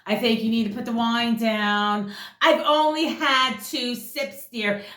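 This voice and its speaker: A woman's voice: on the high side, fairly even intonation, a little slow, fairly bright tone, pitched above the performer's own voice. A woman voicing a dismissive male partner who acts innocent and talks down to her. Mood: mock-innocent. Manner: condescending, mock-puzzled. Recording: echoey room.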